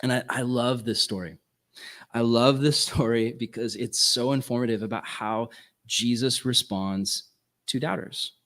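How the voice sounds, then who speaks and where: A man of middle pitch gives a ministry workshop talk with an earnest, conversational delivery. He often tosses in casual "right?" asides. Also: measured pace, fairly bright tone.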